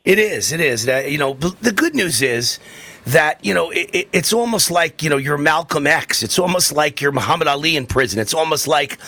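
Fervent talk radio host man, bright voice. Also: fairly high pitch, expressive, fairly quick, no echo. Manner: fervent and indignant, repeats phrases for emphasis. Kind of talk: political talk radio commentary.

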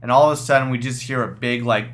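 Guy cohosting a chat, mid-pitch voice, tells stories all animated and laughs a lot. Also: quick pace, slight background noise. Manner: animated storytelling, often laughing. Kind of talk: casual chat.

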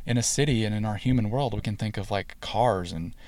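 A man's voice: lowish voice, brisk, a little mellow, no room sound. A man hosting a spiritual podcast, talking casually with many fillers and restarts. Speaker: podcast host.

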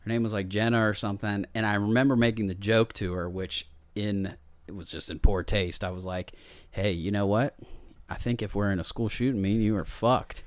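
A man telling a crude story in casual chat, profane and animated, acting out the voices he quotes. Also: lowish voice, fairly quick, no room sound.

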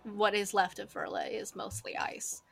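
Bright-voiced woman game master. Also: medium pitch, big pitch swings, normal speed, vocal fry, soft background music. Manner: loose, hesitant, many fillers. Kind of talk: narrating a tabletop game.

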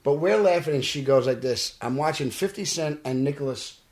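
A man's voice: on the high side, a little fast. A man with a Brooklyn accent, an actor telling stories in a casual podcast interview and acting out the dialogue. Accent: Brooklyn New York. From Brooklyn, New York. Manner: animated, acts out quoted dialogue. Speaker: actor guest. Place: podcast studio. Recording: roomy studio echo.

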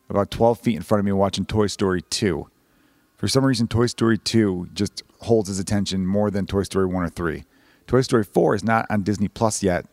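A man rambles quickly through a solo podcast intro, self-deprecating and loose with his swearing. His voice sits low, and the recording is dry and close, with no room sound. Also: darkish tone, no echo. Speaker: podcast host and comedian. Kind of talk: casual solo podcast monologue. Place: home room.

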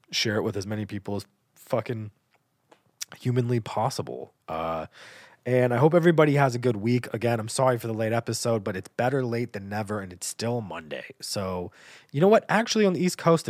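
A man's voice: on the low side, no room sound. A man hosting his own podcast, talking in a rambling, profane monologue with lots of filler sounds. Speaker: podcast host. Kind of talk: casual monologue.

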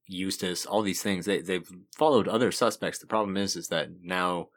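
Skeptical deep-voiced man. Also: steady tone, moderate pace. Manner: skeptical, sarcastic, swears casually. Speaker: podcast co-host. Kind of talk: casual true-crime podcast chat.

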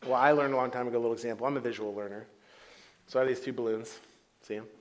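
A man preaching a sermon as pastor in a church, playful and animated, acting out the voices he quotes. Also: mid-range voice, rapid-fire. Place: church hall before a congregation.

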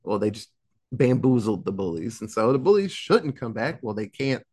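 A man's voice: medium pitch, husky. A young man casually retelling a movie's plot in a podcast, swearing often and briefly acting out the characters. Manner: animated, profane, acts out characters in quick asides. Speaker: podcast host recapping a film. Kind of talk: casual storytelling recap.

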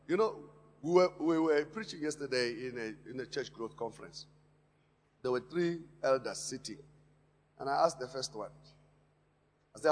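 A man preaching a sermon in a church, impassioned, swinging between quiet asides and loud emphatic lines and repeating words for stress. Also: medium pitch, animated, normal speed, slightly rough. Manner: impassioned preaching with sharp rises and drops in loudness. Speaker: pastor. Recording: long hall reverb in a church.

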